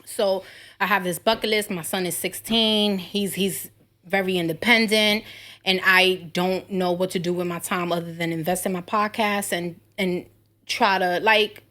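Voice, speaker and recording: Brash, bright-voiced woman host. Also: fairly low pitch, a little slow. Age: 30s. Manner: brash, profane storytelling with animated quoted voices. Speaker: podcast host. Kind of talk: casual chat.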